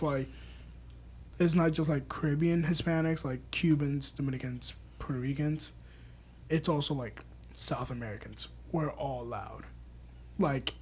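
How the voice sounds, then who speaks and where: Animated high-voiced man in his twenties. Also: slightly rough. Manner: animated, talks with lots of "like". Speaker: student or staff member. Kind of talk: casual group chat.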